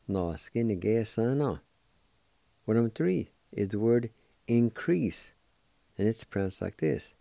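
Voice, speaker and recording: A man hosting a radio language lesson, spelling out words letter by letter and repeating each one slowly for listeners to practice. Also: fairly low pitch, dark tone, no room sound. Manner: slow, careful spelling out of letters and syllables; repeats each word several times for practice.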